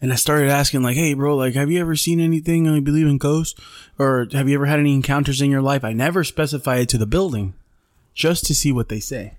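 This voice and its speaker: A man's voice: mid-range voice, fast talker, dry recording, studio quality. A man co-hosting a podcast, telling a story in laid-back casual chat, swearing freely and calling people bro and dude. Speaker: podcast co-host.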